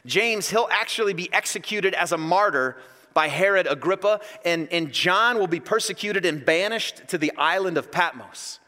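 Male pastor, sermon, bright high voice, jokey and animated, in a reverberant church hall. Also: normal speed. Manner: animated, joking storyteller.

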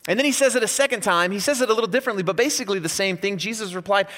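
A man preaching a sermon as pastor, in a conversational, animated way with casual asides. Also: sits high, very fast. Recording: long reverb from a large hall.

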